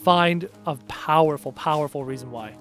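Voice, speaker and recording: A young man with a high voice talks casually on a live stream, answering chat bluntly and hammering his points with repetition. Faint music plays quietly behind him. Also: normal speed. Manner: blunt, emphatic, repeats phrases for punch.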